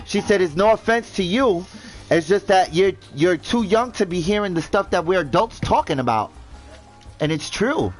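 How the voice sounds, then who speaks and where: A man's voice: sits high, lively intonation, normal speed, soft background music, low-quality recording. A man ranting indignantly in casual commentary, swearing and repeating himself as he stumbles over words. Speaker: gaming vlogger.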